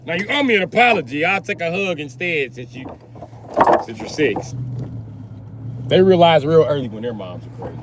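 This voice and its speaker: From his car, a man rants on a live stream in a crude, joking way, his pitch rising and falling. He's animated but keeps a moderate pace with long pauses, and background noise is present.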